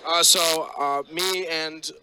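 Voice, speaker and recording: A man's voice: a little high, steady tone, slow pace. A man recording a live clip on his phone at a fan convention, greeting people in a friendly, eager, slightly hesitant way. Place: crowded convention hall. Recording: phone clip with loud crowd noise. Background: loud crowd chatter.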